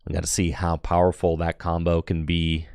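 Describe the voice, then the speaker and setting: A man's voice: sits low, monotone, moderate pace, gravelly, a little mellow, smooth, no room sound, studio quality. A man hosting a tournament stream, giving loose, chatty live commentary on a card game match. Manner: chatty, loose, self-deprecating. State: out of breath.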